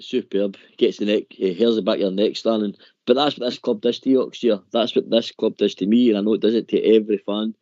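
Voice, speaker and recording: Low mellow guy calling in, earnest, keeps saying mate, dry muffled line. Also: dry recording. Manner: earnest, says "mate" often. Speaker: caller. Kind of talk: casual chat.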